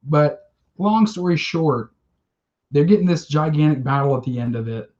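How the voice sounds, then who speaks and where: A man's voice: a little high, expressive, normal speed, darkish tone, muffled recording. A man co-hosting a casual podcast, telling a story with emotion and some swearing. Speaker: podcast co-host. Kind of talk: casual chat.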